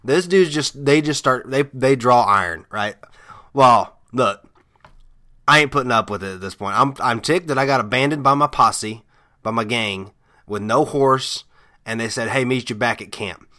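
A man's voice: medium pitch, normal speed, sharp tone. A man hosting a podcast, telling rambling, amused stories in a casual monologue full of fillers and restarts. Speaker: podcast host.

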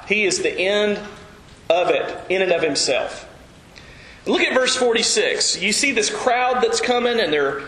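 A man preaching an earnest, animated sermon as pastor. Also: high-pitched, reverberant, poor audio.

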